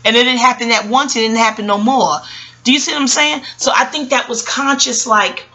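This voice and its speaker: A woman's voice: a little high, fairly quick, sharp tone. A woman from New York with a New York accent, an astrologer rambling casually to her viewers, digressive and chatty, calling them y'all. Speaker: astrologer and vlogger.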